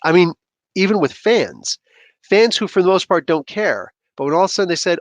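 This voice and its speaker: Animated rambling man, slightly high voice. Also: brisk, dry recording. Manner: animated, rambling, jumps into sudden outbursts. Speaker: comic book review host. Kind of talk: casual commentary.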